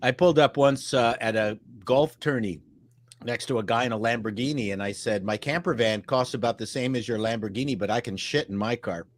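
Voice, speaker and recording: A man's voice: mid-range voice, brisk, slight background noise. A man joining a live stream as a guest, telling jokey anecdotes in casual chat. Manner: lively, jokey storyteller. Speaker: livestream guest.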